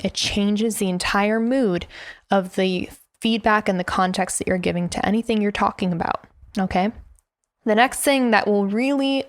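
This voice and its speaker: A woman's voice: mid-range voice, normal speed, no echo. Emphatic woman coach, dry close sound. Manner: direct and emphatic, laughs often, demonstrates tone by example. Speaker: business coach and podcast host. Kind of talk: instructional podcast talk.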